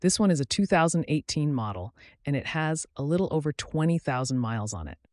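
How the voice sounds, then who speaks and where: A man reading the part of a friendly, talkative older motorcycle salesman in a story, with an easy sales-pitch manner. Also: lively intonation, fairly quick, no echo, clean studio sound, close to an everyday voice. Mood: chatty.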